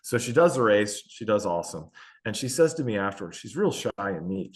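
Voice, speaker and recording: A man's voice: fairly low pitch, big pitch swings, brisk. A man in his forties, a veteran endurance athlete, telling candid, self-deprecating stories in a casual interview, with many fillers. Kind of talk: casual storytelling in a podcast-style interview.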